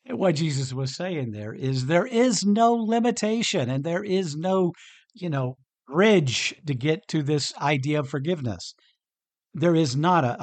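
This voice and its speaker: A man hosting a podcast who reads a Bible passage and then talks it through in a chatty, animated way, often restarting his sentences. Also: on the high side. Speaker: podcast host. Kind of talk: conversational Bible talk.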